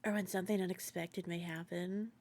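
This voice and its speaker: A woman voicing a calm, soft-spoken teenage girl who leads a school club, reading game lines in a slow, hushed, half-whispered delivery. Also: on the low side, dry recording. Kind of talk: reading game dialogue aloud.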